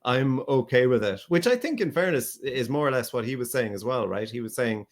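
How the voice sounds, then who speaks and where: A man's voice: mid-range voice, expressive, fairly quick. A man with an ordinary mid-range voice co-hosts a podcast in casual chat. He talks hesitantly, restarts his sentences often, and laughs now and then. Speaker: podcast co-host, actor.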